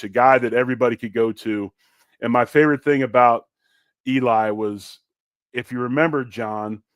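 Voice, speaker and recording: A man's voice: fairly low pitch, no room sound. A middle-aged man who once played on the line, hosting a casual sports podcast, plugging the show and then trading locker-room memories. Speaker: podcast host and former lineman.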